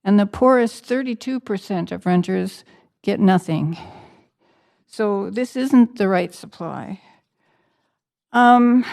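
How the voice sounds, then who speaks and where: A woman's voice: medium pitch, slow, gravelly, darkish tone. A woman with a Canadian accent, a city councillor speaking bluntly and critically at a council meeting, citing figures.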